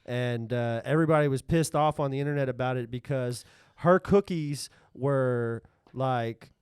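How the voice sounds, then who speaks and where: A man's voice: mid-range voice, normal speed, darkish tone, clean tone, no room sound, studio quality. A man co-hosting a podcast in laid-back casual chat, rambling along with plenty of "like" and "uh". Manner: laid-back, rambling with lots of 'like' and 'uh'. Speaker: podcast co-host.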